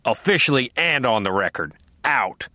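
A man's voice: mid-range voice, expressive, normal speed, pushed and bright, dry recording. A male audiobook narrator voicing a commanding middle-aged police captain who talks in a curt, barking way.

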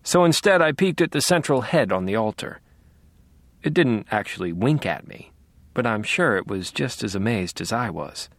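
A man's voice: fairly low pitch, animated, normal speed, no room sound. Brief: male audiobook reader, wry and detached, dry sound. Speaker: audiobook narrator. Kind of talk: first-person audiobook narration.

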